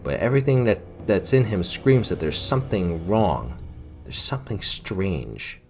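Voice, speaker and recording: A man's voice: deep voice, big pitch swings, unhurried, faint music behind. A man narrating his role-play playthrough of a fantasy video game, retelling the characters' lines in his own words with some fillers.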